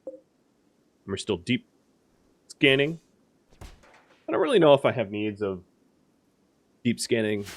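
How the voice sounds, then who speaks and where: A man's voice: mid-range voice, big pitch swings, slow, long pauses. A man casually commentating a strategy game, thinking aloud and explaining the rules with frequent fillers. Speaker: gaming video host.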